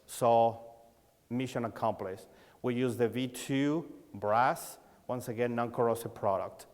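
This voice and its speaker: A man's voice: medium pitch, measured pace. Mexican-accented man telling stories in a hall. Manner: animated storyteller, acts out dialogue, non-native grammar. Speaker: sales coach speaking at a dealer conference. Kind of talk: conference talk, storytelling. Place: large conference hall. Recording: long reverb of a large hall.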